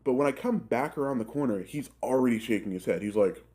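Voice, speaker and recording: A young man in his twenties telling a rambling, profane work story in a casual, animated way, full of filler words. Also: medium pitch, quick pace. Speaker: gaming channel host telling a story.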